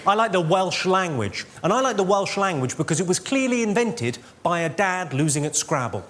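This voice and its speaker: High-voiced deadpan male stand-up comedian. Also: moderate pace. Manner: crude deadpan one-liners with crowd work. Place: large theatre stage. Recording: loud audience noise at a live show. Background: audience laughter.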